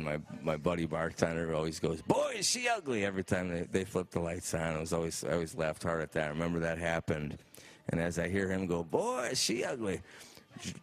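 Deep-voiced man telling a comic story. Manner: animated, acts out quotes. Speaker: comedian. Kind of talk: stand-up storytelling.

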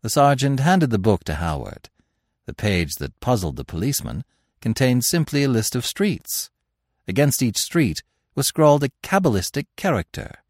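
A man narrating a classic story in an expressive, dramatic audiobook reading. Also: medium pitch, moderate pace, dry recording, clean studio sound.

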